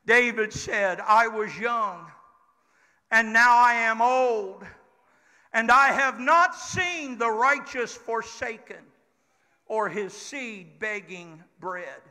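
Older male preacher, bright piercing high voice, slow delivery, hall echo with faint congregation, call-and-response. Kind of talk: Pentecostal sermon. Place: church sanctuary. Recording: church hall reverb with congregation.

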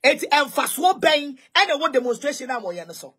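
A woman's voice: high-pitched, very animated, a little fast, a bit bright. A Ghanaian woman ranting on social media, taunting with repeated mocking questions and switching between English and Twi. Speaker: online commentator. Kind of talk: heated social media rant.

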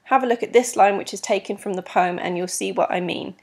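A woman teacher giving a recorded lesson on poetry, talking clearly and patiently with frequent ums and tapping out rhythm aloud. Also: medium pitch, brisk, a little mellow.

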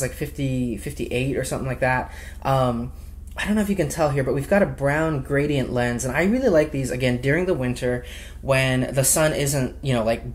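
A young man casually showing off a watch and accessories in a vlog, chatty and gushing, with many fillers. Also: medium pitch. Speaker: watch vlogger. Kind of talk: casual show-and-tell vlog.

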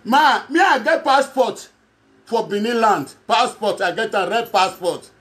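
High-voiced Edo man in Nigerian Pidgin. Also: a little slow, a bit bright. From Edo State, Nigeria. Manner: rambling, repetitive, chuckling often. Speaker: self-styled prophet addressing followers. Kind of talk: direct-to-camera monologue.

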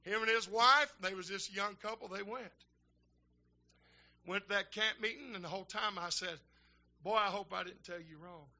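An older man, a minister telling folksy stories in a sermon that build to shouting fervor. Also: high-pitched, normal speed, lo-fi sound. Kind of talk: storytelling sermon.

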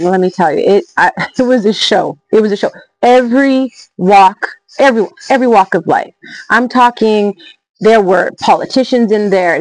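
A woman in her forties, telling travel stories in an energetic, emphatic, chatty way as a motivational vlogger. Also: mid-range voice, no room sound, low-quality recording. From Canada. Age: 40s. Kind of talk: motivational storytelling vlog.

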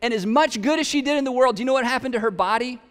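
A man's voice: very high-pitched, very fast, clear, resonant tone, in a large hall. A man preaching a sermon in a conversational, humorous way, with emphatic peaks. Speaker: pastor.

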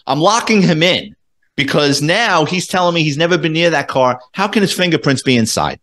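Profane New ex-cop telling stories. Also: male voice, fairly high pitch, a little fast. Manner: animated, profane, acts out quoted dialogue. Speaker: former police detective, guest. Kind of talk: casual storytelling interview.

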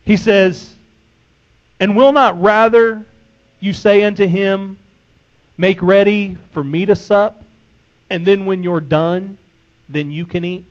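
A man's voice: sits high, steady tone, takes it slowly, pauses often, lo-fi sound. A man preaching a sermon, emphatic, reading scripture and acting out a servant's complaints.

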